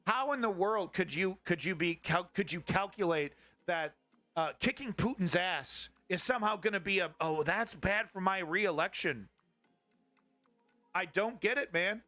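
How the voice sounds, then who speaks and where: Hosting a live-streamed political commentary show, a man rants in a fairly high, bright voice at a moderate pace, heavy on profanity and biting sarcasm. Faint music plays beneath, and the recording is dry.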